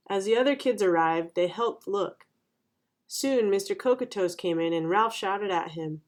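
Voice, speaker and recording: A woman reads a children's picture book aloud. Her narration is clear and even. Her voice sits at a middle pitch. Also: normal speed. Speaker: storyteller.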